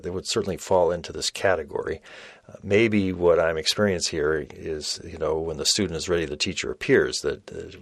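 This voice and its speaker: Older man, podcast host, reflective, hesitant, very low voice, dry close mic. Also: dry recording. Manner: thoughtful, hesitant, many fillers.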